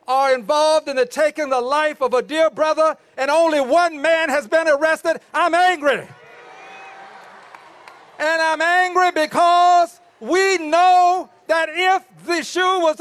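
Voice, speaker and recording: A man giving an impassioned protest speech, repeating his refrains and breaking into shouts. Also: very high voice. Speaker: rally speaker.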